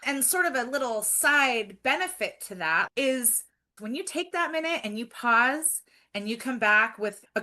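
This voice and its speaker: A woman's voice: on the high side, sharp tone. A woman guest on a podcast, talking earnestly and reflectively in casual chat, with frequent fillers.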